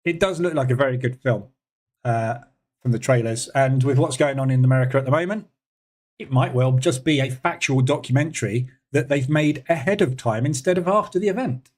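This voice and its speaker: A man's voice: mid-range voice, brisk, darkish tone. Chatty man hosting a trading stream. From United Kingdom. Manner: chatty, thinks aloud with many fillers; reads out chat messages and answers viewers. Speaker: trading room host. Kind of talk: casual live-stream commentary.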